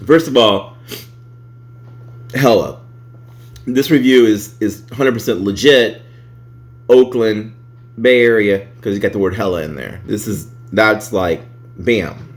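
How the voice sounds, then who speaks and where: A man's voice: lowish voice, slow, long pauses. A man chatting casually on a vlog, reading reviews aloud, laughing often and swearing freely.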